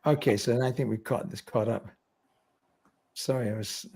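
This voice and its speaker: A man's voice: mid-range voice, fairly even intonation, moderate pace, creaky, a little mellow. A middle-aged man hosting a livestream, chatting casually, reading viewer comments aloud and laughing often. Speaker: livestream host.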